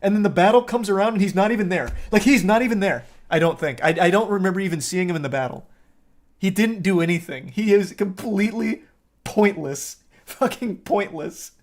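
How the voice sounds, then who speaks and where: A man's voice: high voice, a little fast. A young man streaming, recapping a film in a sarcastic, profane, rambling way. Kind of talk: casual chat.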